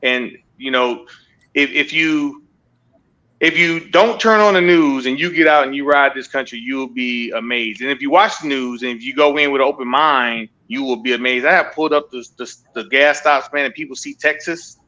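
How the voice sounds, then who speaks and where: Bright-voiced man telling road stories. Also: mid-range voice, normal speed, lo-fi sound. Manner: animated storyteller who acts out what others said. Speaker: long-distance motorcycle rider, podcast guest. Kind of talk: casual podcast storytelling.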